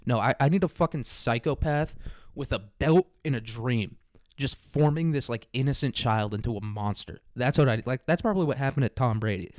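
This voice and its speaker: A man's voice: medium pitch, moderate pace, dry recording, clean studio sound. A young man from the American Midwest hosting a podcast in a crude, rambling comedy monologue, laughing often. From Kansas City area, American Midwest. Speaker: podcast host.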